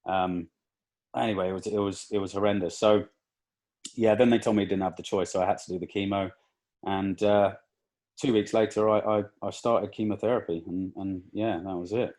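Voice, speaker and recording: A young man, a podcast guest, telling a painful personal story in a halting, emotional way with many restarts. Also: lowish voice, steady tone, a little mellow.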